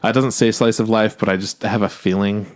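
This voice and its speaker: A man's voice: on the low side, steady tone, brisk. A man co-hosting an anime podcast in casual chat, joking loosely and laughing often. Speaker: podcast co-host.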